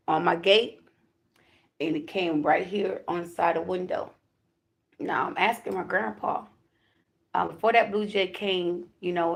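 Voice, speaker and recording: Woman, spiritual reader vlogging, low voice with a gravelly edge, talks straight to viewers. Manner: chatty, emphatic, addresses viewers directly. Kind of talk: casual spiritual talk to viewers.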